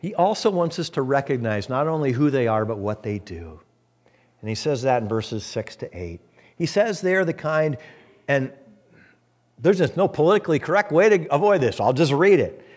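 A man preaching as pastor of his church, swinging from loud emphatic peaks to hushed low asides. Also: very animated, normal speed. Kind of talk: sermon.

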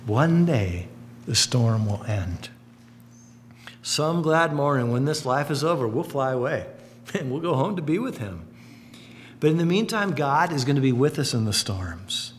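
A man's voice: measured pace, slight background noise. A man delivers a sermon in an earnest, storytelling way, his voice rising and falling as he builds each point. His voice sits in a middle range. The sound carries a long reverb, as if filling a church hall. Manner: earnest, storytelling, lively swings in pitch and volume. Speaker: pastor.

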